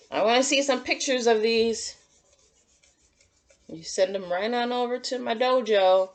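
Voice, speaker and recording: A woman teacher giving a gentle, encouraging drawing lesson to young children and talking through each step as she draws. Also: a little high, unhurried, pauses often. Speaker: kindergarten teacher.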